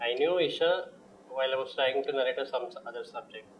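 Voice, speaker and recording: A man's voice: medium pitch, fast, slight background noise, poor audio. A man, a film director giving short, plain answers with Telugu mixed in. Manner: brief, plain-spoken, mixing in Telugu. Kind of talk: conversational interview answer.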